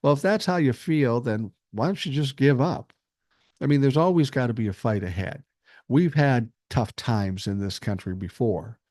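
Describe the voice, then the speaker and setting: This Minnesota man in his sixties reads live chat on his casual podcast stream, replying bluntly and swearing often while keeping a reasonable tone. He speaks at a normal speed with medium pitch and a darkish timbre, captured in clean studio sound without echo.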